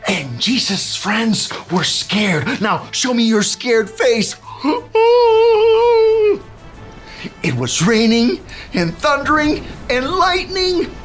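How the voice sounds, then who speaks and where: A woman's voice: on the high side, big pitch swings, takes it slowly, a bit bright, soft background music, full character voice. Luis the Handyman, a playful kids' storyteller, as a woman puts him on. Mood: cheerful. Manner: playful, calls kids to join in. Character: cheerful male handyman storyteller. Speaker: children's church presenter. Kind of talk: kids' Bible story with actions.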